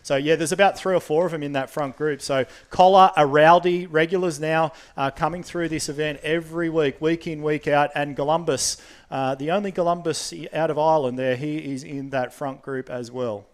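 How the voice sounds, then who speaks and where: A man giving quick play-by-play of a virtual cycling race. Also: fairly high pitch. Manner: quick play-by-play, rises in excitement at sprints. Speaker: race commentator. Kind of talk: sports commentary.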